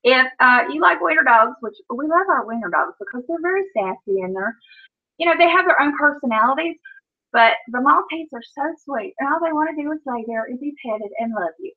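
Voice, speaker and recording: A woman's voice: sits high, expressive, a little fast. A woman chatting casually on a home livestream from her kitchen, scolding her dogs in baby talk between stories. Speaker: vlogger. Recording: dull lo-fi sound.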